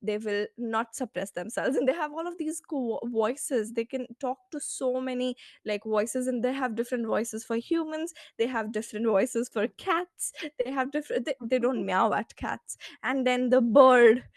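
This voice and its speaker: High-voiced chatty woman coach. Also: normal speed, few pauses, no room sound, clean studio sound. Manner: chatty, laughs often, animated storytelling. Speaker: guest coach. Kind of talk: casual podcast interview.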